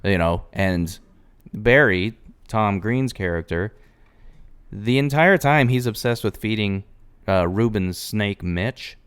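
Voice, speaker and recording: Smooth low-voiced man chatting about a movie. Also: animated, slow pace, a bit bright. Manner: chatty, adds trivia and asides. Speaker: podcast co-host. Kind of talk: casual movie recap chat.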